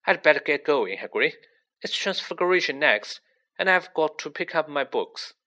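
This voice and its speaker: A man's voice: on the high side, lively intonation, normal speed, pushed and bright, voice pushed up. A man voicing an angry young teenage boy wizard who speaks in a fierce, clipped and defiant way, in a storybook reading. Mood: flustered.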